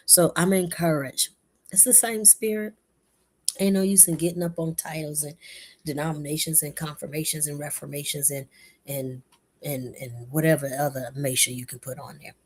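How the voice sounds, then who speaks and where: Husky-voiced woman giving a devotional talk. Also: deep voice, normal speed. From Florida. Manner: animated, repeats short phrases, laughs often. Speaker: host of a short devotional show.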